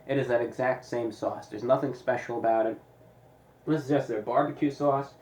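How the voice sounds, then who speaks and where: A man reviewing pizza in a deliberate, casual way, with dry sarcastic asides. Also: medium pitch, fairly even intonation, a little mellow, echoey room, a little hiss or hum, rough recording. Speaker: food reviewer.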